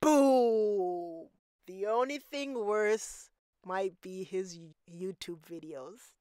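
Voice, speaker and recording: Emphatic woman commentator with a smooth voice. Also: mid-range voice, very slow, warm tone, no echo, clean studio sound. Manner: emphatic, repeats points for effect. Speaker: commentary channel host. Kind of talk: reaction commentary on podcast clips.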